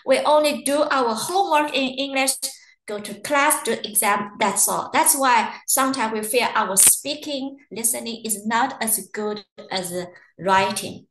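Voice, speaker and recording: Woman presenter, chatty and anecdotal, slightly high pitch, recorded with room echo. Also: measured pace, a bit bright. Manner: chatty, storytelling with acted quotes. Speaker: university webinar presenter. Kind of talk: casual webinar talk. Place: living in Ireland.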